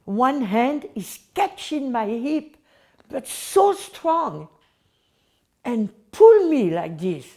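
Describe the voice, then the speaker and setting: An older woman tells a personal memory in a slow, unhurried way. Her voice sits fairly high. Her English is halting, and she acts out each moment as she goes. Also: very animated, warm tone. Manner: halting non-native English, acts out the scene vividly. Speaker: interviewee recalling memories. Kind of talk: personal recollection.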